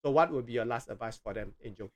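A man hosting a live interview show, speaking deliberately with hesitant fillers and repeating phrases slowly. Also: mid-range voice, crowd noise.

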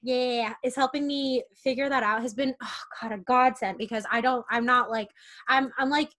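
Expressive young woman co-host. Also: sits high, moderate pace. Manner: expressive, excitable. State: burnt out. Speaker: podcast co-host. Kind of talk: casual chat.

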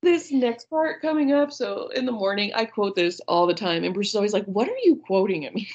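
A woman's voice: mid-range voice, animated, brisk, darkish tone, lo-fi sound. A woman in her thirties, a podcast co-host, chatting casually and retelling movie scenes with frequent laughs. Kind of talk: casual chat about a movie.

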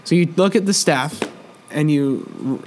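A man running a tabletop game as game master, narrating events in a halting, restarting way. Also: fairly high pitch, expressive, darkish tone, a little hiss or hum.

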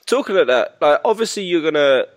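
A man's voice: a little high, big pitch swings, brisk. A man hosting a podcast, asking long, loosely phrased questions that he keeps rephrasing. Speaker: podcast host. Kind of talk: casual podcast interview.

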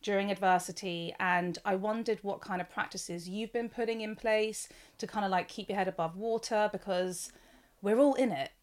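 A woman's voice: mid-range voice, steady tone, moderate pace. A woman hosting a podcast, reading a scripted introduction and then asking earnest, friendly questions in casual chat. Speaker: podcast host.

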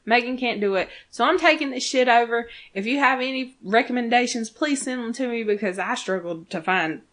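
A woman's voice: on the high side, brisk, fairly bright tone. A woman in her thirties, a podcast co-host chatting casually, laughing often and swearing freely as she gushes. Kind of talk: casual chat.

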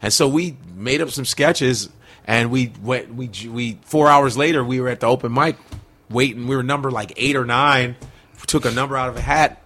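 A man, a comedian guest telling lively stories in casual chat and slipping into impressions. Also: mid-range voice, moderate pace. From Chicago, USA. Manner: animated storyteller, slips into impressions.

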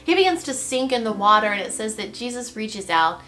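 A woman's voice: fairly high pitch, fairly quick. A woman hosting a devotional podcast, teaching a Bible passage in a conversational way and often checking in with her listeners. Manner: animated storytelling, acts out the scene. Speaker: podcast host and pastor's wife.

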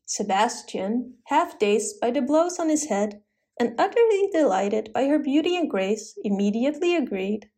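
A woman telling a classic story as a steady, clear storybook narration. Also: on the high side.

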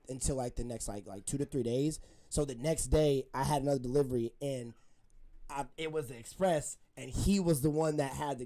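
A man's voice: on the high side, darkish tone. Young man rambling, laughing storyteller. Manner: laughs often, rambling with many fillers. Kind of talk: casual storytelling chat.

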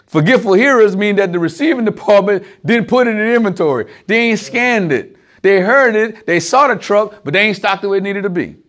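A man delivers a loose, conversational sermon to a small gathering, talking directly to them with lively energy and everyday examples. His voice sits high and moves fairly quickly.

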